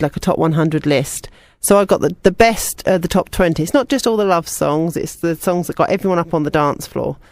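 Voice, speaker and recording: A woman's voice: fairly low pitch, no room sound. A young woman presenting a student radio music show, chatty and personal between songs.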